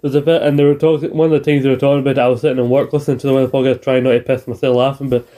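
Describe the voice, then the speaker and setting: A man's voice: mid-range voice, level tone, racing, warm tone. A man chatting casually on a podcast, rambling with restarts and swearing freely. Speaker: podcast co-host. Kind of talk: casual chat.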